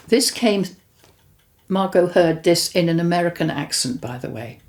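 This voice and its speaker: Older woman with a gravelly voice. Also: on the low side, animated, normal speed, darkish tone. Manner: chatty, rambling, with self-corrections. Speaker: host recounting spiritual experiences. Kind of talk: casual storytelling and reading aloud.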